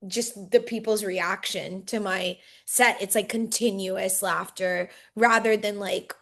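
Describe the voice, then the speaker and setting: A woman's voice: medium pitch, fairly even intonation, takes it slowly, a bit bright. Giggly young woman, stand-up comic guest. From India. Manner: chatty, laughs a lot, fills with "like". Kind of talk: casual chat.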